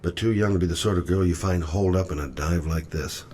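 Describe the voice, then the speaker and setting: A man's voice: low-pitched, quick pace, darkish tone, a little hiss or hum, lightly acted. A man voicing a weary, persistent male private detective in a video game, talking in terse, clipped lines. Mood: wry. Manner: terse, clipped inner thoughts. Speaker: game character.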